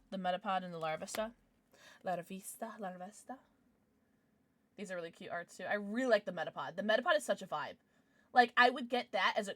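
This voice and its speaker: A woman's voice: mid-range voice, slight background noise. A young adult woman streaming, chatting casually with viewers in a bubbly way, gasping and squealing as she reacts. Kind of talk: casual livestream chat.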